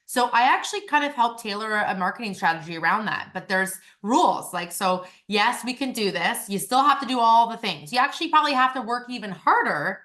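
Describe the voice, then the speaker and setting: A bright, forceful-sounding woman chats as a guest on a call-in podcast. She talks in an animated, casual way, piling on fillers as she explains her work in real estate. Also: on the high side, brisk, hardly any pauses. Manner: chatty and animated, filler-heavy. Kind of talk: casual interview chat.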